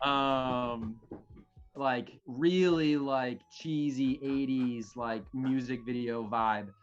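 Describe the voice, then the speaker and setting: Guy in a tabletop game rambling thru a story, says like a lot, dull lo-fi sound, normal pitch. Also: very slow, smooth. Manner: rambling, full of "like" fillers. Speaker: tabletop player.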